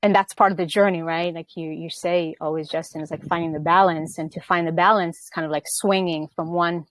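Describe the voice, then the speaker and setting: A woman with a lowish voice talks through her ideas in an earnest, explaining way, often checking in with her listener. The sound is dry and close, with no room around it. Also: steady tone, brisk, no echo. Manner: earnest, explaining with frequent "right?" and restarts. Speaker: podcast host. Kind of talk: casual spiritual conversation.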